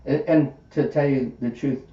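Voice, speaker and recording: A man's voice: medium pitch, moderate pace. Man telling a story in an echoey room. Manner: animated, acts out quoted dialogue. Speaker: podcast host. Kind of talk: casual storytelling in conversation. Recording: roomy, distant, dull with faint hiss.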